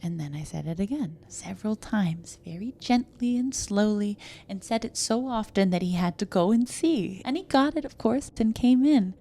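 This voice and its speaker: A woman's voice: medium pitch, lively intonation, normal speed, hardly any pauses, a little hiss or hum. Woman reading a story in whispers and outbursts. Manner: slips between hushed whispers and sudden emphatic outbursts. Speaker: audiobook reader. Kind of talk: reading a classic short story aloud.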